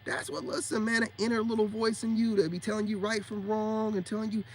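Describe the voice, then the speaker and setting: A man's voice: high voice, steady tone, fairly quick, slight background noise. A man giving a casual, preachy monologue as a self-styled spiritual coach, emphatic and full of street slang and rhetorical questions.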